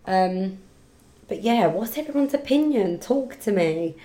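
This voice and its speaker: A woman hosting a casual solo podcast, chatty and rambling, quick to laugh and loud when excited. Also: mid-range voice. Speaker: podcast host and hairdresser. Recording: roomy echo around the voice.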